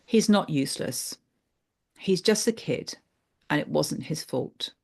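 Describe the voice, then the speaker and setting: A woman voicing an adult male therapy client, who recalls things slowly and haltingly. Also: deep voice, animated, vocal fry, heavily acted. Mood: protective.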